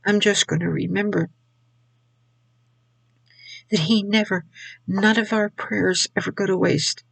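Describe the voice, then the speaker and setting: An older woman shares her faith testimony, slowly and haltingly, often repeating herself. Her voice is gravelly and a little husky. It is recorded close and dry. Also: mid-range voice, fairly even intonation, a bit bright, no echo, poor audio. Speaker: Christian video speaker.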